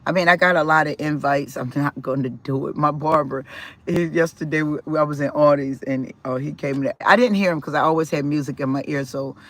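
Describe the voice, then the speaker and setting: A man vlogging casually about his life, rambling with restarts and repeated words, and swinging in loudness and pitch as he talks. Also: fairly quick. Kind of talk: casual personal storytelling.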